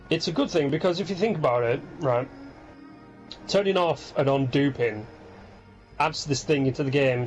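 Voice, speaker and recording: A man co-hosting a casual gaming chat, sleepy and rambling, breaking off mid-sentence to act out quick impressions. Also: medium pitch, dull audio. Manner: rambling, self-interrupting, animated impressions. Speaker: podcast co-host.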